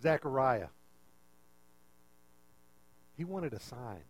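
A man preaching a conversational, animated sermon, full of rhetorical questions. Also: medium pitch, extremely slow, poor audio.

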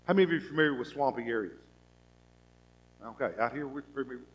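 Here a pastor with a mid-range voice preaches at a quick pace, questioning the congregation rhetorically and dramatizing their thoughts as he shifts from soft to loud. The recording quality is low.

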